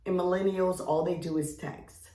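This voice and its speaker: Podcast lady spinning a long wild story, kinda low voice, echoey room. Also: moderate pace. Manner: animated storytelling, acts out quoted friends, swears freely. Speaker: podcast co-host. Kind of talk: casual chat. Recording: roomy echo.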